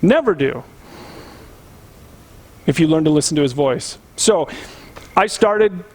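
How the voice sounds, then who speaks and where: A man's voice: fairly high pitch, normal speed, darkish tone. A man. He preaches with earnest emphasis and keeps turning to the congregation with direct questions. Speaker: pastor. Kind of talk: conversational sermon.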